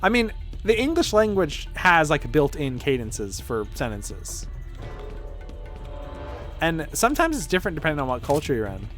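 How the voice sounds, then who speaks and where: A male vtuber streamer chatting casually while he plays, wandering from one tangent to the next and swearing offhand. His voice sits a bit high and swings widely up and down. Faint music plays underneath. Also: wildly swooping pitch, moderate pace, long pauses, a bit bright. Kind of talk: casual gameplay chat.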